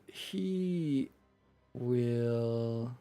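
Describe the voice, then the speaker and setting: A man running a tabletop game as game master. He explains the rules step by step in a relaxed way. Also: mid-range voice, very slow, soft background music. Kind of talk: narrating and ruling a tabletop game.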